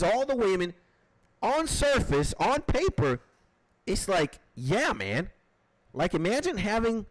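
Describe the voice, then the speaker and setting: Male livestream host, casual profane ranter, lively pitch, dry close mic. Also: no room sound, low-quality recording. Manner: animated, profane, repeats "like".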